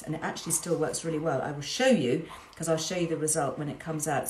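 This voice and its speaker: A woman's voice: sits low, a little mellow, a little hiss or hum. A woman hosting a home cooking demonstration from her farm kitchen, chatting informally with cheerful asides. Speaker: cooking show host. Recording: roomy kitchen echo.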